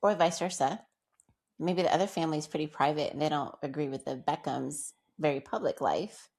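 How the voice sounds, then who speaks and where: Low-voiced woman co-host, calm and measured. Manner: measured, quick to agree and prompt. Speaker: podcast co-host. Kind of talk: casual chat.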